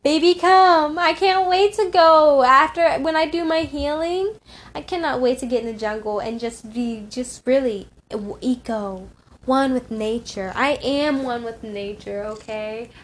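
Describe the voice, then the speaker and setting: A woman's voice: fairly high pitch, unhurried, fairly bright tone. A woman talking to her followers in a casual, heartfelt monologue that rambles, breaks off mid-sentence and keeps repeating affirmations. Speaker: spiritual vlogger.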